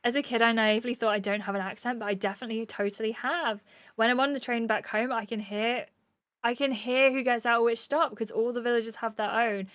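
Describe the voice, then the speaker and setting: A woman's voice: on the high side, a bit bright, dry recording. Bubbly young English woman streaming. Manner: bubbly and chatty, quick laughs and gasps. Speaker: gaming streamer. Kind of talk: casual livestream chat, reading out viewer comments.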